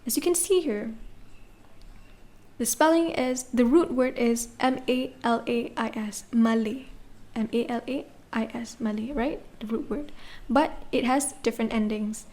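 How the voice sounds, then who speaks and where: Patient woman teaching French, slightly high voice. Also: a little slow, a little mellow. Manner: patient, spells words letter by letter, checks with "okay?" and "right?". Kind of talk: classroom lesson explaining grammar.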